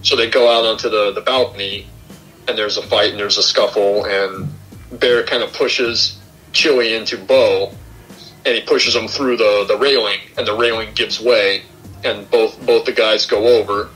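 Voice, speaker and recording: Soft music plays behind a young man whose voice is on the low side, steady and fairly bright, moving at a normal speed on a rough recording. As a podcast host, he casually retells a film's story step by step while acting out the lines.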